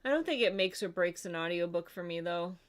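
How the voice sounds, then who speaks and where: A woman's voice: lowish voice, animated, a little fast. A woman co-hosting a livestream in casual chat, rambling with lots of fillers and reading out chat comments. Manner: chatty, rambling, says "like" a lot. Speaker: co-host of a livestream.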